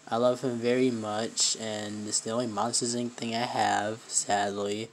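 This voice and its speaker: A young man filming a casual toy review vlog on a handheld phone, talking in a halting, rambling way with many fillers and restarts, his voice emotional. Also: on the low side, flat delivery. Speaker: vlogger. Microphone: handheld phone camera.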